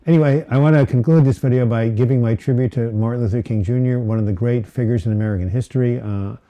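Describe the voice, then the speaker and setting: A man's voice: mid-range voice, fast, lo-fi sound. A man hosting a casual live-stream Q&A, reading viewer questions aloud and rambling with many fillers and restarts. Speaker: host of a live mental health Q&A. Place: home setting, Portland.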